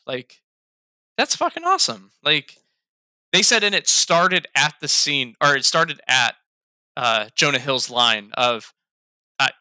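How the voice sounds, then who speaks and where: Bright crisp-voiced man chatting about a movie. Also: fairly high pitch, dry recording, studio quality. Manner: laughing, profane, quotes lines in raised voices. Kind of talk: casual movie review chat.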